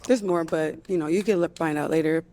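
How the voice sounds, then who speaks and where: A woman's voice: low voice, a little fast, dark tone. A woman from Florida, a dating show contestant, talking politely and chattily. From Florida, USA.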